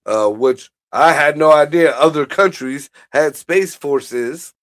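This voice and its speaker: This co-host of a casual livestream chat has a fairly high, slightly bright voice with lively intonation and a slow pace. He rambles through theories, swears freely, and laughs at his own jokes.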